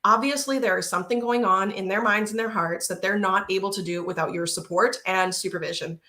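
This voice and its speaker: A woman's voice: medium pitch, fairly even intonation, brisk, pushed and bright. A woman in her thirties, a parenting coach, giving practical, matter-of-fact advice in a casual interview.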